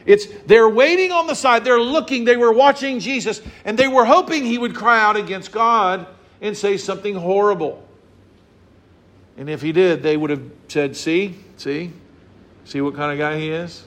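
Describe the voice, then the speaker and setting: A man preaching a sermon to his congregation, acting out little scenes and voices as he explains a psalm. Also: moderate pace. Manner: animated, acts out scenes and voices with big pitch swings. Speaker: pastor.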